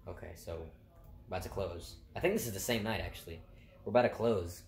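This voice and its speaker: A man's voice: deep voice, a little fast. A young man casually rambling through funny stories from his food court job, laughing and swearing as he goes. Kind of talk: casual storytelling.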